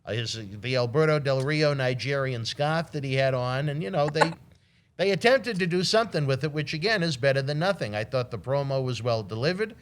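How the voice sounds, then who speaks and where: A man's voice: medium pitch, animated, a little fast, slight background noise. A man co-hosting a casual wrestling podcast, giving blunt, opinionated takes and swearing casually. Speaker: wrestling show co-host.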